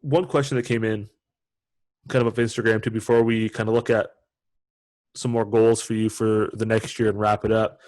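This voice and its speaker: A man's voice: lowish voice, level tone, normal speed, darkish tone, no echo. A young Canadian man with an Ontario accent, hosting a podcast interview in a loose, chatty way full of filler words. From Canada (London, Ontario). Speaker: podcast host. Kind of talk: casual interview chat.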